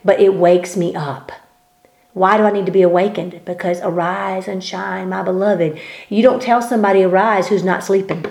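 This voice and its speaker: A woman's voice: medium pitch, steady tone, a little fast, darkish tone. A woman giving a fervent, preaching-style talk in conversation, emphatic and repeating her words as she builds to peaks. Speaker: speaker sharing faith teaching.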